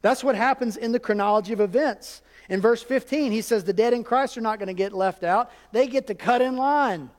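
A man's voice: extremely high pitch, a little fast, hardly any pauses. A man preaching a sermon, talking to the congregation in a conversational way and tossing asides to the crowd. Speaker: pastor. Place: church sanctuary. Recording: long reverb of a church hall.

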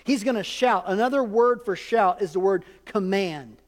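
A man's voice: high-pitched, moderate pace. A man preaching a sermon, talking to the congregation in a conversational way and tossing asides to the crowd. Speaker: pastor. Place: church sanctuary. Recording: long reverb of a church hall.

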